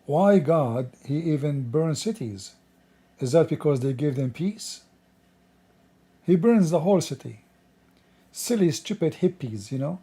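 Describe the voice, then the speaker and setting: A man hosting a scornful commentary, mocking and insulting in broken English, his voice strained and rough today. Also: a little high, warm tone. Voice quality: non-native English with broken grammar. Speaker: host.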